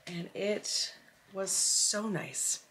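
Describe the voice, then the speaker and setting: A woman's voice: medium pitch, very slow, a bit bright. A woman, a mom vlogging at home in easy casual chat that is full of "like". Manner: chatty, peppered with "like".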